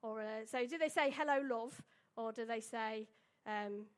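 High-voiced chatty woman preaching. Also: moderate pace. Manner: chatty, storytelling, with tag questions and fillers. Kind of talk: casual sermon.

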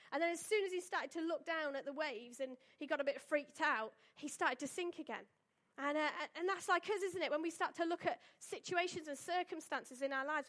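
A woman with a notably high voice delivers a church sermon in a conversational way. She talks to the congregation as if chatting with friends, full of asides and everyday phrases, and reads a Bible passage aloud along the way. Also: fairly bright tone. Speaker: church speaker. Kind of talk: informal sermon with a Bible reading.

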